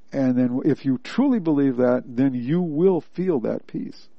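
A man's voice: mid-range voice, measured pace, vocal fry, few pauses, no room sound. Earnest male preacher, plain-spoken devotional teacher, close and dry on a muffled lo-fi track. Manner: earnest, plainspoken, repeats points for emphasis. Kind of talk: devotional teaching, reading and explaining a text. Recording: dry, slightly dull lo-fi recording.

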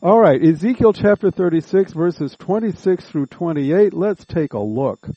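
A man preaching a sermon, slow and deliberate, drawing out words and making earnest appeals to his listeners. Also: high-pitched, lively intonation, breathy edge, no room sound, highs cut off.

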